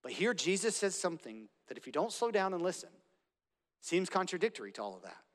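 Guy preaching in a big reverby church, bit higher voice, earnest, builds with repeats. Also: very animated, brisk. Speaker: pastor. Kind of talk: sermon. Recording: long reverb of a large hall.

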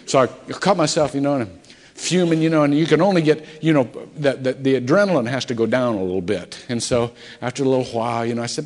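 A middle-aged male pastor preaching a sermon in a conversational, storytelling way, his voice swinging between soft and loud. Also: mid-range voice, fast. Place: church sanctuary. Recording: echoey church hall.

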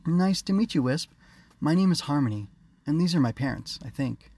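A man voicing a proud, bossy young girl ruler in a high, bright put-on child voice, for an audiobook. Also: animated, normal speed, husky. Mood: pleading. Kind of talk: audiobook character reading.

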